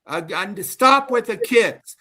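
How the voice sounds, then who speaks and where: A man's voice: high-pitched, expressive, slow, sharp tone. A man acting as a moderator on a live stream, sternly warning and banning someone.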